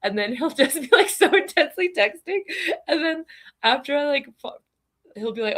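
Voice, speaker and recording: A woman's voice: lowish voice, normal speed, a bit bright. A woman chatting casually, telling a funny story with lots of fillers and laughter. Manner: giggly storytelling, many fillers. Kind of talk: casual chat.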